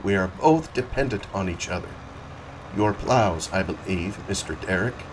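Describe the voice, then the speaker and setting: A man's voice: low voice, moderate pace. Unruffled, placating railroad man, speaks evenly, read by a male narrator; mic a bit distant, faint background hum. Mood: smooth. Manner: calm, placating. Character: calm, smooth-talking male railroad agent.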